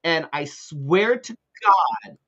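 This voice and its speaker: A male co-host spins a long, exasperated anecdote in loose casual chat, his pitch sitting a little high and bouncing all over the place. He swears freely and stumbles through plenty of fillers. The sound is dull and lo-fi, like a live stream. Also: slow, creaky. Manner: animated storytelling with frequent swearing and fillers. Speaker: co-host of a live talk show.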